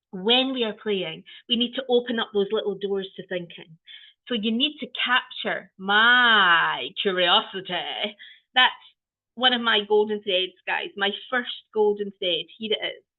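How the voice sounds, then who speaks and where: A woman giving an online training talk on children's play, animated and playful, often exclaiming. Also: mid-range voice, moderate pace. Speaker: early-years play trainer. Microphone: video call. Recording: tinny video-call audio.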